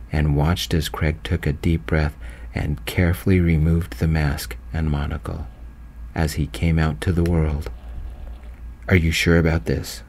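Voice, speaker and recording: A man narrating his own romance story in a gentle, slow, soft-spoken voice. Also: rumbling low, gravelly.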